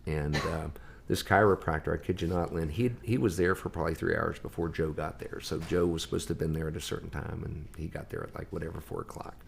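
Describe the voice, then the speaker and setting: A man with a low, gravelly voice relaxes into a long anecdote in casual conversation. He acts out the voices of the people in his story and carries the listener along with it. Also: quick pace, slight background noise. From Ohio. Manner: lively storyteller acting out quoted voices. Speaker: guest musician.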